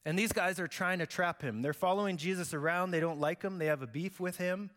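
A man's voice: sits high, a little fast, a bit bright. A man preaching a sermon as pastor, conversational and joking, acting out the quotes he reads. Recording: long hall reverb.

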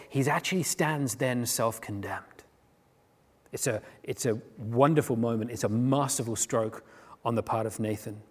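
A man preaching a sermon in a conversational, animated way, often restarting his sentences as he retells a story. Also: medium pitch, moderate pace, husky. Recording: long hall reverb.

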